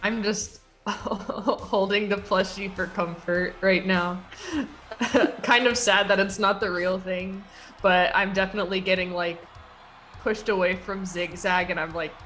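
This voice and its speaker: A woman's voice: mid-range voice, fairly even intonation, measured pace, fairly bright tone, faint music behind. A woman playing a tabletop game, chatty and giggly as she describes her moves. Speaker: player.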